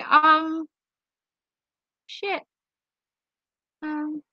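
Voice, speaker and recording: High bright-voiced woman streamer. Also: a little slow, no room sound, lo-fi sound. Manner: flustered, apologetic, thinks aloud. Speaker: livestream host. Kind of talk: casual chat reading viewer comments. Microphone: tablet device.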